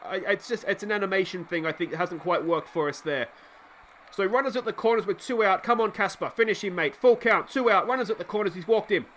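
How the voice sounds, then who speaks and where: A young Australian man calls a baseball sim game play by play, chatty and easily excited, talking to the viewer as he goes. His voice sits high and sounds bright and forceful. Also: fast talker, a little hiss or hum. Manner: excitable, chatty, often addresses the viewer and himself. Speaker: video game let's play host.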